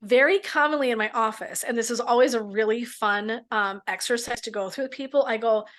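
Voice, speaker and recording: A woman's voice: on the high side, brisk, few pauses, a bit bright. Frank middle-aged woman coaching. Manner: guides listeners through exercises, casual and frank, swears for emphasis. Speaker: midlife coach and therapist. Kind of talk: coaching talk in a podcast.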